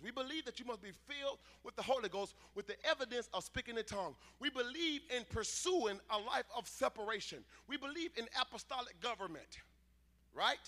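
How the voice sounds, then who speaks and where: A man preaching a sermon in church, emphatic and conversational, swinging between loud declarations and quieter asides. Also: extremely high pitch. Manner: emphatic preaching, rising to shouts, dropping to asides. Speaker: pastor. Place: church sanctuary.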